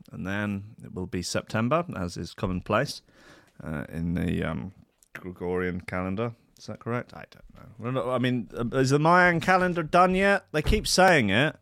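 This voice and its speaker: A man hosting a radio show alone, rambling in a sardonic, sweary way, swinging from loud asides to mutters. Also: on the low side, lively intonation, moderate pace, gravelly, dry recording. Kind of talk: rambling solo radio banter.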